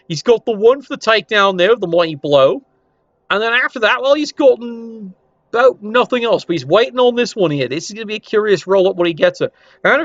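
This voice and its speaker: A man's voice: high-pitched, a bit bright, no room sound, dull audio. A man giving casual, wry commentary while reviewing a league, swearing now and then. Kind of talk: casual commentary over screen.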